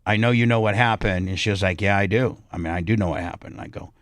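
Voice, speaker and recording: A man's voice: lowish voice, quick pace, dry recording. Brash talk-radio man, dry close mic. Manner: brash, profane, acts out both sides of arguments. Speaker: radio host. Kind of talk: casual storytelling on talk radio.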